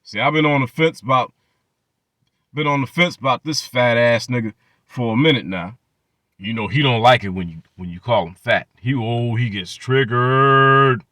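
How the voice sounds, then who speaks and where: A man's voice: mid-range voice, moderate pace, pushed and bright, no room sound, clean studio sound. A man hosting his channel, ranting in profane reaction commentary and mocking people with repeated phrases. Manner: mocking, profane rants with many repetitions. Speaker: channel host.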